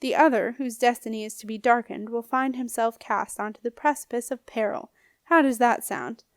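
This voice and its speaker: A woman's voice: fairly high pitch, normal speed, no room sound, studio quality, lightly acted. A woman reading an audiobook, voicing a scornful, menacing old male ghost with a snappish, growling manner. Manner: sneering, bullying.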